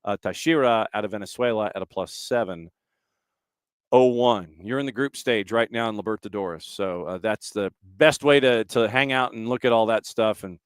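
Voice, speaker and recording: A man hosting a casual soccer podcast, relaxed as he runs through betting odds like a list. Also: on the low side, normal speed, clear, resonant tone, no echo. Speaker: podcast host. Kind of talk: casual chat.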